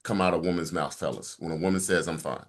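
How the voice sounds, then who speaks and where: A man's voice: low voice, steady tone, fast. A man moderating a panel discussion, casually putting questions to each guest in turn.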